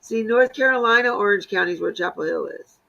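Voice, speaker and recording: A high, bright, gravelly man from New York state who teases and wisecracks in casual chat. The sound is muffled, like online call audio. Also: fairly quick.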